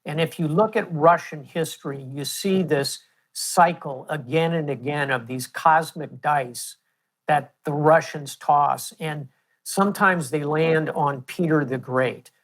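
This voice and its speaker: Older american guy answering interview questions, calm measured storyteller. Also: on the high side. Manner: measured, storytelling with historical examples. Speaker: guest, retired admiral.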